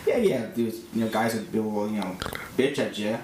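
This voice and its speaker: A man's voice: on the low side, normal speed, a loud crowd. Male co-host in an echoey room. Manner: loose, searching questions. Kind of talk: casual interview chat. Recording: echoey room with faint background noise.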